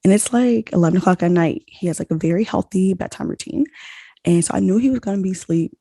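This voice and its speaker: A young woman hosting a podcast, telling a story in a casual, animated way and saying "like" a lot. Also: fairly low pitch, fast, no room sound. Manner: animated, heavy use of "like", acts out quoted dialogue. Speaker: podcast host.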